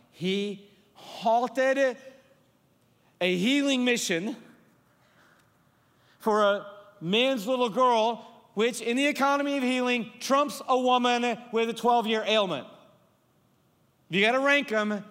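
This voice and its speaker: A man's voice: extremely high pitch, slow pace, long pauses, a bit bright. A male pastor preaching a sermon in a large church, conversational and humorous, acting out little scenes. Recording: long reverb of a large hall.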